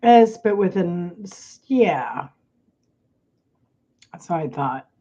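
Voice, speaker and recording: In a slow, mellow, sing-song voice of fairly low pitch, a livestream host chats idly with her viewers, reading their comments. She rambles, amuses herself, trails off mid-sentence, and fights off coughs and sneezes, all through a muffled recording.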